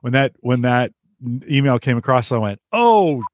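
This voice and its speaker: A man's voice: medium pitch, little pitch movement, brisk. Chatty American man hosting a podcast. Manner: chatty, laughs often, many restarts. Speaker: podcast host. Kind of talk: casual chat.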